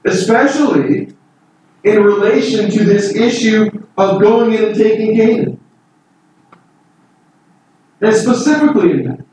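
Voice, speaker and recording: A man with a high, darkish voice preaches a Bible sermon earnestly and emphatically, his voice lifting on key points. He is recorded from far off in an echoey room with faint noise.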